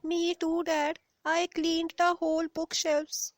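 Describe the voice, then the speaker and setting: Spoiled cartoon stepsister voiced by a woman, high and snappy, dismissive. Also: little pitch movement, slow, dry recording, studio quality. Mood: whiny. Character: spoiled, rude young stepsister.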